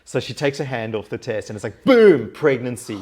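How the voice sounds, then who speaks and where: A man with an Australian accent, a life coach telling his story in a casual interview, animated and laughing often as he acts out what people said. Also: mid-range voice, fast talker, crowd noise. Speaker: guest, mindset and life coach.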